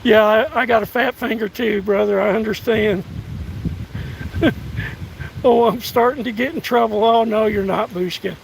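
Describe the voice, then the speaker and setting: Hoarse, gravelly older man in the woods. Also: high-pitched, fairly even intonation, rough recording. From United States. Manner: folksy, halting, thanks viewers by name. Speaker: live streamer. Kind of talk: casual live-stream chat. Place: outdoors in windy woods. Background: faint wind and rustling leaves.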